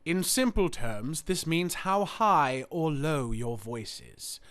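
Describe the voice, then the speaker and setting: An Australian man teaching voice acting in a formal, carefully worded way. His voice sits slightly high and moves through lively swings of pitch. He lays out each point deliberately. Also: clear, resonant tone. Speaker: voice acting tutor. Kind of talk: scripted tutorial.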